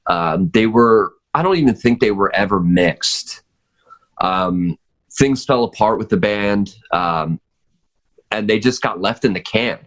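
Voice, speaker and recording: A man with a fairly low voice talks casually as a podcast guest about drumming. He rambles, restarting sentences and filling pauses with ums and uhs. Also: a bit bright. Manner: rambling, many fillers and restarts. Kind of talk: casual chat.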